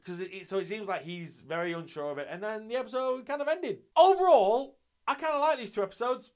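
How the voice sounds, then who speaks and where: A man's voice: high voice, quick pace, fairly bright tone, clean tone. A young man talking through an anime review in an offhand, sweary way, often restarting his sentences. His voice sits a little above the usual male range. The delivery stays casual and unscripted throughout. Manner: loose and sweary, with frequent restarts. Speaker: anime reviewer and channel host.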